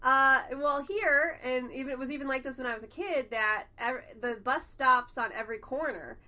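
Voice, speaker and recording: A woman's voice: sits high, normal speed, pushed and bright. A woman in casual chat who talks bluntly, jokes a lot and swears. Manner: blunt, joking and profane.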